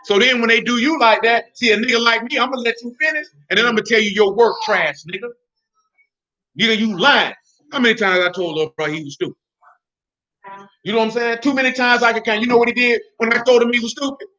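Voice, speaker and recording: A man giving informal, blunt Bible teaching in slangy, emphatic speech that sometimes rises to shouting. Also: very high-pitched, quick pace, highs cut off.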